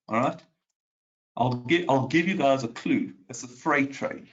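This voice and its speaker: A man's voice: medium pitch, unhurried, highs cut off. A man hosting live market commentary from his home office, talking casually with many fillers and restarts and putting questions to his viewers. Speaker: market analyst host.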